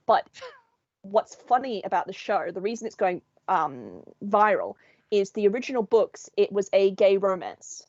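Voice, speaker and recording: A woman co-hosting a podcast, telling a story in an animated, sweary, laughing way. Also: mid-range voice, normal speed, no room sound. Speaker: podcast co-host. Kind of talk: casual chat. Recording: dull, dry sound.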